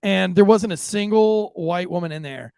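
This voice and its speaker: A man jokes crudely through a podcast chat, swearing as he tells stories. His voice is high and gravelly, with big swings in pitch. The sound is dry and close. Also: normal speed, mellow, no room sound. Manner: crude, joking, swears freely. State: married. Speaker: podcast co-host. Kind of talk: casual chat.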